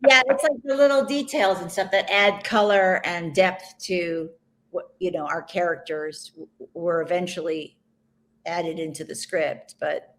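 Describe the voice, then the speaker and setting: A woman's voice: fairly low pitch, unhurried. A woman with a Chicago accent, a stage actress chatting casually in an easygoing, matter-of-fact way. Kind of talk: casual chat.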